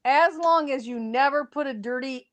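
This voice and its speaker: A woman's voice: high-pitched, moderate pace. A woman guest on a casual panel chat, speaking in a practical, matter-of-fact way.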